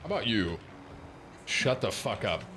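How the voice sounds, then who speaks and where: A man's voice: fairly low pitch, very animated, unhurried, very noisy. A man streaming a shooter game with friends, swearing and trading sarcastic trash talk. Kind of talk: casual gaming chat.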